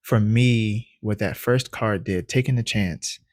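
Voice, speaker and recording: A man vlogging his personal story to camera, animated and laughing often as he acts out his past thoughts. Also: on the low side, a little slow, dry recording, clean studio sound. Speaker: credit educator vlogger.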